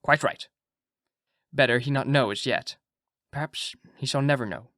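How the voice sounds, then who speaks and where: A man voicing an old Dutch male doctor with a put-on Dutch accent, giving slow, solemn counsel. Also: mid-range voice, sharp tone, no echo, studio quality, close to an everyday voice.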